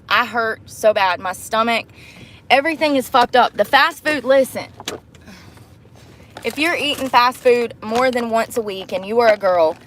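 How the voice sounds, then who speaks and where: A young woman vlogging in a casual, candid chat to her viewers, animated and quick to laugh, calling them y'all, girl and baby. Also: fairly high pitch, a little hiss or hum.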